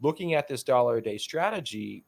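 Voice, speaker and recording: A man's voice: mid-range voice, expressive, gravelly. A man hosting a podcast, chatting casually with a guest, joking and blunt, with some swearing. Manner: joking, fast, blunt and profane. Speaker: podcast host. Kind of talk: casual interview talk.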